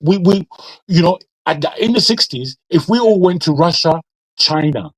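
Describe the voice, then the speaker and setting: A Nigerian-born man raised in Britain argues bluntly as a panelist in a heated casual debate, swearing and repeating himself. He speaks British English with Nigerian touches in an expressive, somewhat high voice at a moderate pace, and the recording is dry and rough.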